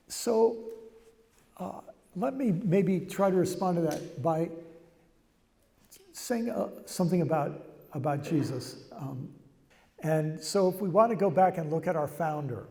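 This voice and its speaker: A man's voice: on the high side, lively intonation, unhurried, gravelly, pauses often, mellow. Older man talking in a reverberant hall. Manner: conversational, reflective, restarts phrases. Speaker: speaker. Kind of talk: public talk with Q&A.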